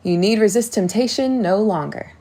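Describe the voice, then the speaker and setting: A woman's voice: medium pitch, moderate pace, natural voice. A woman doing a cheerful young prince. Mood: playful. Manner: lively, teasing, laughing.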